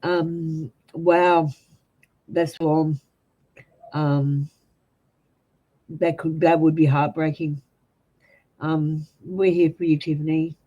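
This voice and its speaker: Blunt Australian woman, mellow voice. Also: low voice, flat delivery, drawn-out words, pauses often, dull audio. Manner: blunt, chatty, swears freely, announcer-style delivery. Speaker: tarot reader. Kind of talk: casual live-stream chat and card reading.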